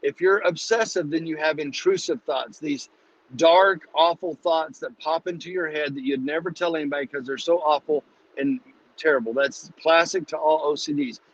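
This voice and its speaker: A man hosting a live-streamed Bible study, teaching in a casual, energetic, preachy way and calling listeners "dude". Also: a little high, moderate pace. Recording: dull lo-fi live stream audio.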